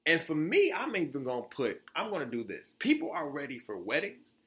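Blunt, profane podcast host, fairly high voice. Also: male voice, a little fast. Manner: blunt, profane and animated, with many restarts. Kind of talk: opinionated solo podcast talk.

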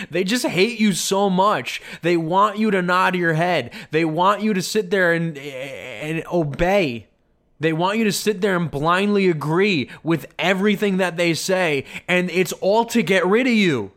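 Male podcast host with a high-set voice, sarcastic and indignant, ranting commentary. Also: a little slow, fairly bright tone.

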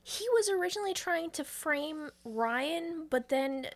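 A woman's voice: high-pitched, lively intonation, measured pace. A young woman, a podcast co-host, chatting casually and cutting in with incredulous questions. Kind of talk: casual chat.

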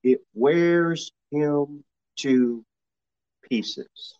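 Pastor preaching a sermon. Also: male voice, very slow. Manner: preaches with sudden loud high-pitched mock quotes. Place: church sanctuary. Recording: slightly dull lo-fi sermon recording.

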